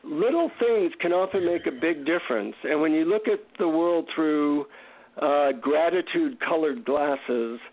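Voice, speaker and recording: A man, a guest author, telling an animated, self-mocking story in an interview over a tinny phone line. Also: on the high side, unhurried.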